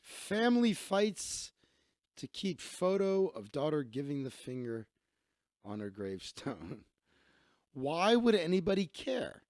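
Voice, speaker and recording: Man, live stream host, gravelly, lively swinging pitch, profane rants. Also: slow pace, no echo, clean studio sound. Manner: profane, ranting, blunt. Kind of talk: live stream commentary, reading news aloud.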